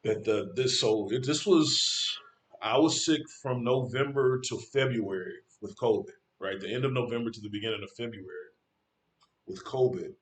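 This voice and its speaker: A man telling a personal story in a rambling, profane way, stumbling over his words and rising sharply when angry. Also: moderate pace. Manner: rambling, restarts, voice climbs high when angry. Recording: roomy echo.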